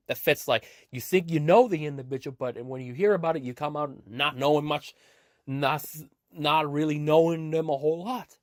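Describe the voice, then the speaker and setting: An earnest male podcast host speaks in a slightly higher than usual voice, rambling through motivational points. He repeats himself and restarts his sentences often, and the sound is dry and close to the mic. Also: no room sound. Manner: earnest, repetitive, with frequent restarts.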